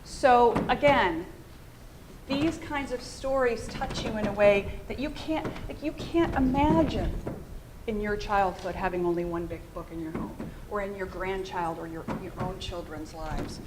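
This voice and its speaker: A woman's voice: mid-range voice, unhurried, background noise. American woman presenting to a room. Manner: engaging, addresses the audience with questions. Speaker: fundraising communications consultant. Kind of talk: conference presentation.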